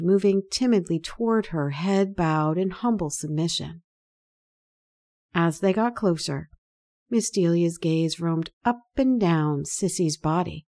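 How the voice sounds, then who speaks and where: Slow, deliberate woman storyteller. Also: fairly low pitch, a little mellow. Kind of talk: erotic story narration.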